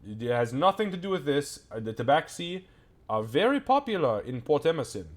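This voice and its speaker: A man's voice: fairly low pitch, normal speed, natural voice. A man voicing a weary, officious male guard captain in a tabletop game who rambles and gets flustered.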